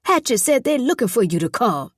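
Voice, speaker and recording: A woman voicing a fussy, bossy old woman past eighty in an audiobook, scolding loudly. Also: fairly high pitch, very animated, fairly quick, husky, no room sound, clean studio sound. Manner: loud, scolding, folksy Southern talk. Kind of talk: audiobook character voice.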